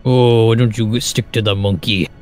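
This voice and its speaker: A man player answering in character in a tabletop game with slow, simple lines. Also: lowish voice, steady tone, soft background music. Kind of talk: in-character tabletop role-play.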